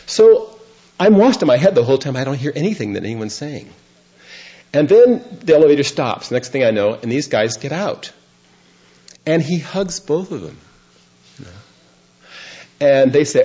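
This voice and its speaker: A man's voice: medium pitch, sing-song, moderate pace, dark tone. Older man telling a rambling story, lo-fi. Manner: rambling, self-deprecating, laughs through funny parts. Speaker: Zen monk giving a dharma talk. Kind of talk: storytelling talk. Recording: dull lo-fi recording.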